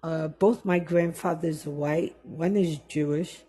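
A woman's voice: low voice, steady tone, a little slow, dark tone, slightly rough. A middle-aged woman from the West Indies telling stories from her past in casual chat, acting out the people she quotes.

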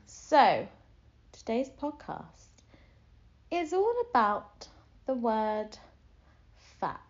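A woman's voice: medium pitch, highs cut off. A young woman hosting her podcast in a casual, rambling monologue full of fillers. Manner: chatty, rambling with many fillers. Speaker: podcast host.

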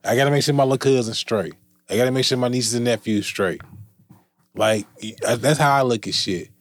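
A man in casual podcast chat, animated and profane, repeating himself. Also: medium pitch, fairly quick, no room sound.

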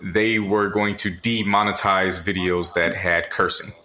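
Male podcast co-host, low voice with a bright edge, relaxed drawling chat. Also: measured pace. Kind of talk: casual comedic podcast chat.

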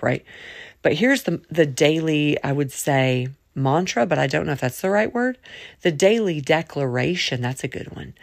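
A woman's voice: deep voice, vocal fry, no room sound, clean studio sound. A woman hosting a casual faith podcast, talking in a chatty, colloquial way that jumps between topics. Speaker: podcast host.

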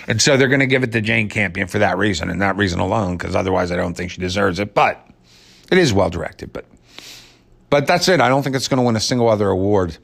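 Blunt, low-voiced male film critic. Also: a bit bright. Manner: blunt, sarcastic, rhetorical questions answered himself. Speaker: movie reviewer. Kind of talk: opinionated review monologue.

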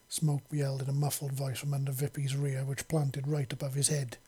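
An amateur narrator reads a fan-fiction story aloud. The voice is mellow and slightly husky. The delivery is unpolished and often stops to correct its own slips. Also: mid-range voice, little pitch movement, fairly quick, few pauses. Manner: unpolished reading with self-corrections.

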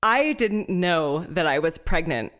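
A woman's voice: on the low side, lively intonation, measured pace, a bit bright. Chatty woman from Houston. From Houston, Texas. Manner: chatty, laughs often, searches for words. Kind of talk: casual chat.

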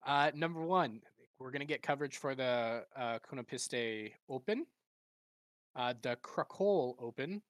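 A man co-hosting a relaxed podcast, often breaking into laughter as he fumbles through hard names. His voice sits at an ordinary middle pitch, recorded close and dry with no room sound. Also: unhurried, no room sound. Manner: laughing, stumbling over names, self-mocking. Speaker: podcast co-host. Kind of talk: casual chat.

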